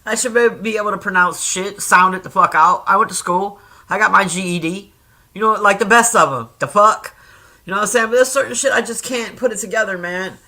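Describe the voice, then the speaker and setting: Woman, 50s, vlogger; bright tone, salty rambling chatter. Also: mid-range voice, a little fast. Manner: laughs often. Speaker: reaction vlogger. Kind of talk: casual chat.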